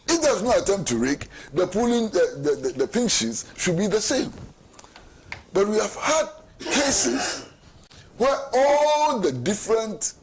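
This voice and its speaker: Ghanaian male talk-show host, middle-aged, high voice, hammers home rhetorical questions. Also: slight background noise. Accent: Ghanaian English. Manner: emphatic, repeats rhetorical questions. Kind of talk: political commentary.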